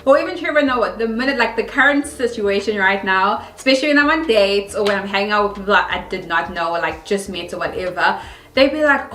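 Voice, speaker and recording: A woman's voice: medium pitch, animated, brisk, a bit bright, soft background music. A young South African woman with a South African accent, telling stories casually to camera and acting out other people's lines in shifting voices. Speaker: vlogger. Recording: roomy echo.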